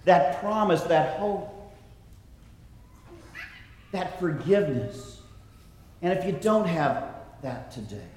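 A man preaching a sermon in a slow, earnest way, dropping to a soft hush when he quotes scripture. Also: a little high. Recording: echoey hall, from a distance.

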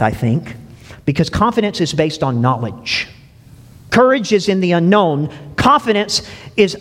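A man's voice: high-pitched, a bit bright. Chatty preacher man in a reverberant church. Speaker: pastor. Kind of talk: sermon. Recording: long reverb of a church hall.

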